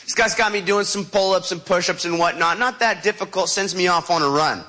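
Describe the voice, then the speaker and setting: Bright-voiced man telling a dramatic story. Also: high-pitched, a little fast. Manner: vivid, dramatic, adds sound effects. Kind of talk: animated personal storytelling.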